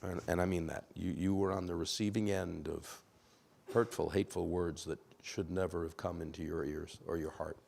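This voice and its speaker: A man preaching a sermon in a church, telling a story with lively acted-out quotes and questions to the congregation. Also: low voice, normal speed, gravelly, slight background noise. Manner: animated storyteller, acts out quoted voices, asks congregation. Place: church sanctuary.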